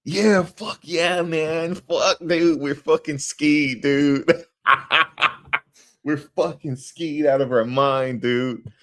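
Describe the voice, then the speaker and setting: A man's voice: a little high, steady tone, very slow, fairly bright tone, pitched above the performer's own voice. A man putting on the voice of a rowdy, wasted young party guy who drawls, slurs and keeps saying "dude". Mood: wasted glee.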